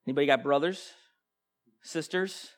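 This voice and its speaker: A male preacher with a fairly high voice delivers an impassioned sermon. He pushes hard with rhetorical questions, then drops into quiet, intense stretches. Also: normal speed. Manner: impassioned, swings from loud bursts to hushed intensity, rhetorical questions.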